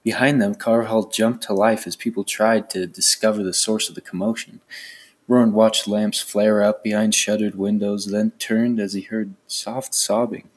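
A man's voice: lowish voice, flat delivery, normal speed. A man reading a fantasy novel aloud in a plain way, with small stumbles. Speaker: reader.

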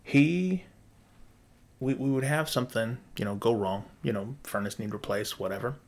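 A man's voice: medium pitch, moderate pace. A man casually telling a long story about his rental properties, swearing freely and acting out both sides of conversations. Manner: profane, animated, acts out dialogue.

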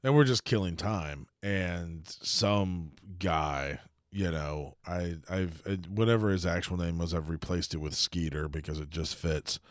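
Low-voiced man telling stories casually. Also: no room sound, clean studio sound. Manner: laid-back, amused, halting with restarts. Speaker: podcast co-host, wrestler. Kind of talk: casual storytelling chat.

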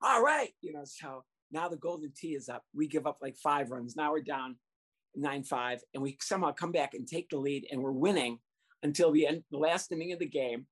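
A man recounts a funny story from his time coaching youth baseball, talking animatedly, laughing, and doing the voices of the people involved. His voice is fairly high, a little fast, with a breathy edge.

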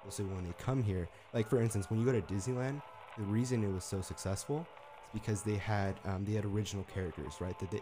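A man, a guest from a haunt attraction crew, explaining plans in relaxed podcast chat. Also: on the low side, fast talker. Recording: audible background noise.

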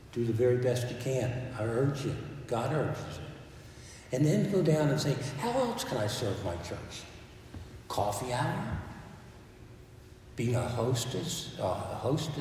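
Man, priest, conversational sermon, warm mellow voice, distant mic, big echoey church hall. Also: mid-range voice, a little hiss or hum. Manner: conversational, with asides and restarts.

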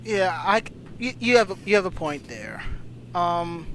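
A man's voice: high voice, sing-song, measured pace, a bit bright, a little hiss or hum, poor audio. A man in a casual fan chat, musing hesitantly with many restarts.

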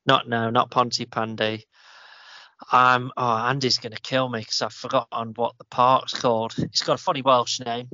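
A man's voice: medium pitch, flat delivery, moderate pace, sharp tone, no echo. A man co-hosting a running podcast, telling a weekend story in a rambling, easygoing way. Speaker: podcast co-host. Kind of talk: casual chat. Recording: slightly dull, dry sound.

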